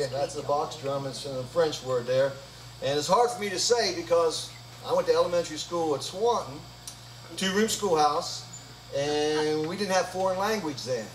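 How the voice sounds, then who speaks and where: A man's voice: a little high, slight background noise. A man leading a live gospel concert, joking between songs in a folksy stage patter. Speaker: gospel singer and bandleader. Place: church hall. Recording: roomy live hall audio from far off. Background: guitar music.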